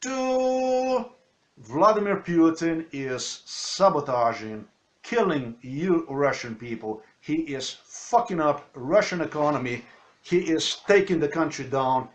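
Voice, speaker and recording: A man's voice: on the high side, animated, takes it slowly. A man in non-native English giving rambling spoken commentary over video clips, ranting and often correcting himself. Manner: ranting, with frequent restarts and self-corrections.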